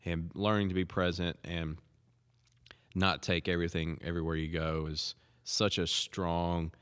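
A man co-hosting a podcast, speaking reflectively in a halting way. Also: sits low, level tone, fairly bright tone, smooth, in a large hall. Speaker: podcast co-host. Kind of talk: casual chat.

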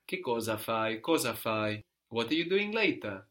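A man's voice: medium pitch, sing-song, normal speed, fairly bright tone. A man teaching a language lesson, patiently prompting a student and explaining grammar step by step.

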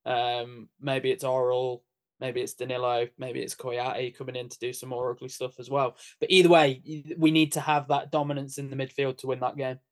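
A man's voice: mid-range voice, little pitch movement, moderate pace. A man co-hosting a casual football podcast, blunt and opinionated. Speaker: podcast co-host.

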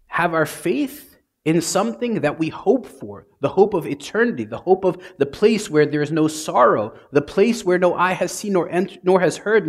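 Husky-voiced priest giving a sermon. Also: male voice, on the high side. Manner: conversational, dramatic, drops to soft hushes.

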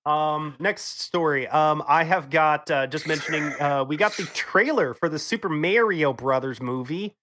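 A man's voice: fairly high pitch, normal speed, hardly any pauses, a bit bright, a little hiss or hum. A man hosting a casual gaming news podcast, talking with many ums and hesitations and teasing his co-hosts. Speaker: podcast host.

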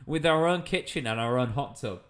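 A young man chatting over a video call, telling animated stories and laughing often. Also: mid-range voice, fairly quick. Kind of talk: casual chat.

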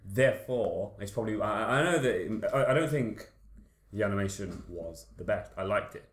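A man's voice: lowish voice, expressive, moderate pace. A man giving a casual, earnest take in a film discussion, hedging and correcting himself as he goes. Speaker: podcast co-host. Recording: echoey room with faint hiss.

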